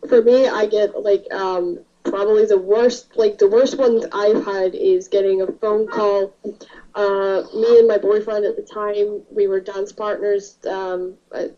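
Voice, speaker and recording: A woman in casual podcast chat with a warm, dark tone, hesitating and restarting her sentences as she tells stories. She sits back from the microphone, and the audio is dull and lo-fi. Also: mid-range voice, steady tone, unhurried, distant mic. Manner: hesitant, many restarts and fillers. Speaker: podcast co-host.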